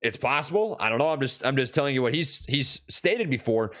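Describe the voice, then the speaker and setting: A man's voice: medium pitch, lively intonation, brisk, a bit bright. A young man from Minnesota, casually chatting on a live stream about stocks, rambling with many fillers and restarts while answering chat.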